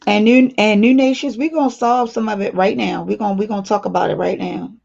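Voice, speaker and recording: A woman's voice: medium pitch, steady tone, brisk, creaky, darkish tone. A woman hosting a casual livestream, reading viewer comments aloud and talking straight to her viewers in a blunt, playful way. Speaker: livestream host. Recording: dull lo-fi stream audio.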